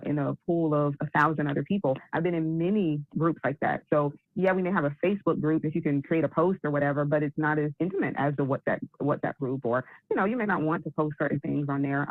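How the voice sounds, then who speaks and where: A woman's voice: low-pitched, no echo. A woman in a group call, earnestly describing what she values in the program. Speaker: program participant. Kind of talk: group video call chat. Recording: phone-like line.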